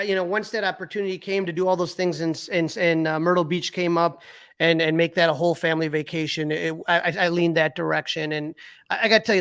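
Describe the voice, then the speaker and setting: A middle-aged man with a fairly high voice talks casually on a sports podcast. He reels off numbers, stumbles over restarts and fills pauses with "um". The sound is dry and close, with no room around it. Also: fairly bright tone, dry recording. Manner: reels off stats with fillers and restarts. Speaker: podcast co-host.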